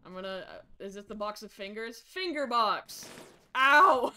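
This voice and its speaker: Woman streamer, young, bright voice, chaotic, excitable. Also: mid-range voice, normal speed. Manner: excitable, swings from mutters to sudden shrieks. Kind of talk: chaotic game commentary, role-playing a parent.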